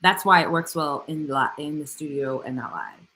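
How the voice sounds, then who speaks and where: A woman vocal coach answering viewer comments in a casual livestream Q&A, chatty and animated, with slangy asides and playful jumps up into a much higher voice. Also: normal speed.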